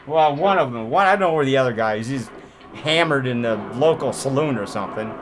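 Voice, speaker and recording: Brief: man, casual cursing film reviewer, lively pitch, laughs a lot. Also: fairly quick. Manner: profane, laughing, rambling. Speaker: movie reviewer. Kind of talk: casual movie review commentary.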